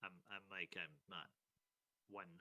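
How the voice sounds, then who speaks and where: A man playing a tabletop game, speaking quietly and wryly. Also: sits low, steady tone, a little slow, dry recording. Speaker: player. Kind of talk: casual tabletop game play.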